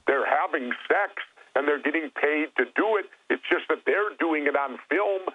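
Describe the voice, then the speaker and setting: Calling in by telephone, a former governor appears as a guest in an interview and tells stories in a plain-spoken, blunt manner. His voice is a little high at a moderate pace, and the tinny line carries a little hiss or hum.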